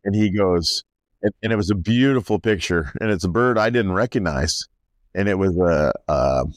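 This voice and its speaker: A farmer and landowner, appearing as a guest in casual conversation, rambles through stories, restarting often and quoting what people said. His low voice has lively intonation at a moderate pace, recorded in a clean studio without echo.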